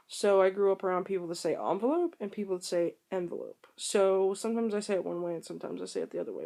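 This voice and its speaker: A woman's voice: on the low side, vocal fry, dark tone. A young woman talking casually to the camera at home, rambling and candid with many ums and restarts. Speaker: vlogger.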